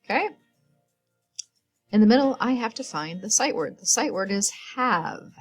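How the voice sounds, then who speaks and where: A woman's voice: fairly high pitch, lively intonation, moderate pace, slightly rough, soft background music. A woman teacher giving patient, step-by-step morning work instructions to young children, counting aloud as she goes. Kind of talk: recorded classroom instructions.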